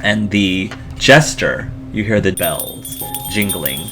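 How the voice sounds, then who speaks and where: Slow, low-voiced male game master. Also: over loud music. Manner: descriptive, with frequent ums and likes. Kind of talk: narrating a tabletop game.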